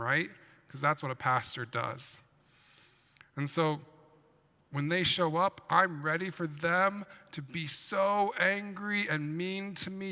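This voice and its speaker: A man speaks as a pastor giving a children's sermon. His voice sits a bit high and carries gravelly fry, and he tells the story with animation, asking his listeners questions. The sound has a crisp, forceful edge and rings with the long reverb of a church. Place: church sanctuary.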